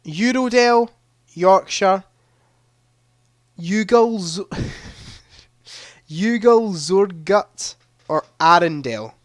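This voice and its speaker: A man's voice: high voice, expressive, extremely slow, pauses often, no echo. A young man hosting a live-streamed quiz, chatting casually into a headset mic and reading questions aloud with a ready laugh. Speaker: livestream quiz host.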